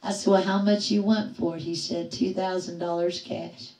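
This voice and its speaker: Middle-aged woman host, chatty livestream storyteller, lively quoted voices, echoey room, mic at a distance. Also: fairly low pitch, normal speed. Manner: animated storyteller acting out quoted voices, laughing often. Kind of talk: casual storytelling to live chat.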